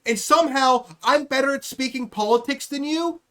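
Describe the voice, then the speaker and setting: A man's voice: very high voice, normal speed, pushed and bright. A male comedian hosting a live-streamed podcast, ranting heatedly and swearing freely.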